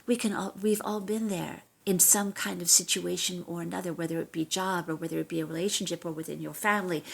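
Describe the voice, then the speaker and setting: A middle-aged actress chatting as an interview guest, telling animated stories and often restarting her sentences. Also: lowish voice, gravelly. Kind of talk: casual interview chat.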